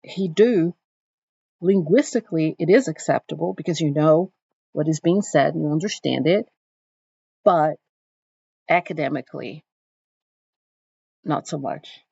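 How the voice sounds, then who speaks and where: A woman teaching a recorded literature lesson, thoughtful and explanatory, pausing to restart her phrasing, on a dull, dry recording. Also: low-pitched, creaky, warm tone, slightly rough, no echo.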